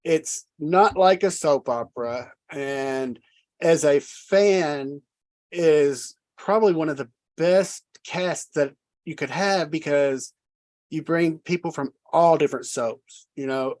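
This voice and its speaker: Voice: mid-range voice, slow pace, a little mellow, no room sound. An interview host chatting casually as an enthusiastic fan of the show.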